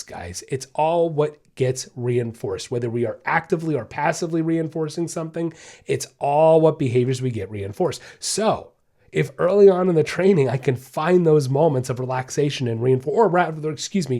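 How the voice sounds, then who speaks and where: A man hosting a podcast, casually explaining dog training in a chatty, animated way and often checking in with the listener. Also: a little high. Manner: animated, chatty, says "guys" and "okay?" often; acts out dog thoughts in quick voices. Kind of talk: casual instructional podcast talk.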